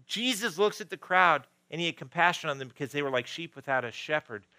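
A male pastor preaching a sermon, moving between loud emphasis and quiet, intimate stretches. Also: on the high side, lively intonation, fast, no room sound, rough recording.

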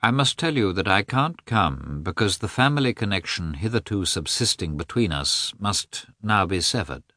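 A man's voice: low-pitched, animated, moderate pace, few pauses, pushed and bright, no room sound, clean studio sound. A man reading a cold, formal statesman.

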